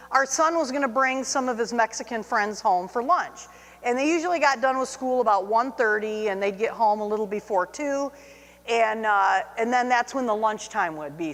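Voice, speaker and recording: A middle-aged woman telling a personal anecdote, lively and self-mocking, acting out her own reactions. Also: fairly high pitch. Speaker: storyteller. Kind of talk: personal anecdote told to camera. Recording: long hall reverb.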